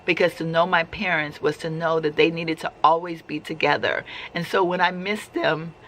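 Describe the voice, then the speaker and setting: A woman's voice: sits low, fairly even intonation, moderate pace, hardly any pauses, a bit bright. A woman sharing a personal faith testimony in casual, heartfelt storytelling, talking conversationally with frequent restarts.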